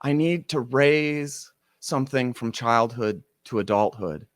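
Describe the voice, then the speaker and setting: A man of middle pitch tells a personal story to a listener, his delivery animated and full of acted-out quotes. The sound is dry and close, with no room echo around the voice. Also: unhurried.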